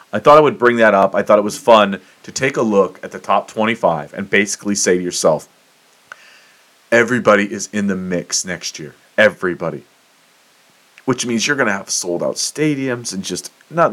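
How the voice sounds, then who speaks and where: A man's voice: lowish voice, moderate pace, fairly bright tone. A man hosting a solo podcast, ranting in a fired-up, profane way about sports and politics. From United States. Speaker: podcast host. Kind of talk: solo opinion monologue.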